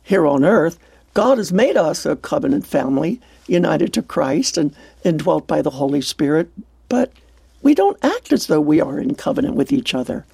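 A woman's voice: low-pitched, very animated, moderate pace, vocal fry, warm tone, husky, no room sound. An older woman hosting a devotional radio program, talking earnestly and exclaiming with wonder. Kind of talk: heartfelt devotional radio talk.

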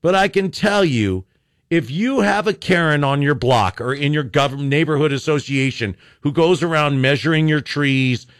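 A man's voice: on the high side, moderate pace, no room sound, studio quality. An older man, a talk radio host, ranting sarcastically and rambling with frequent restarts.

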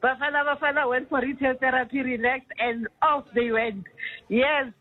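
A middle-aged South African woman calling in to a radio show by phone, excitable and laughing often. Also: sits high, moderate pace. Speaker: caller. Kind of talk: phone-in chat. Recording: muffled phone line.

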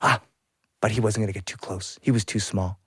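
A man telling a folk tale aloud, expressive, with sound effects and sudden hushes. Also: fairly low pitch, fast talker, slightly rough, no room sound, clean studio sound. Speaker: storyteller. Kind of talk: animated storytelling.

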